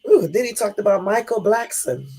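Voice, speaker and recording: A woman hosting a live stream, reading celebrity quotes aloud and reacting to them with animated exclamations. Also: mid-range voice, moderate pace, slightly rough, low-quality recording.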